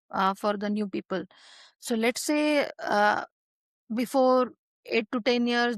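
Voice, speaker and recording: A woman's voice: on the high side, dry recording. A woman guest expert answering interview questions in a hesitant way, with many fillers and restarts.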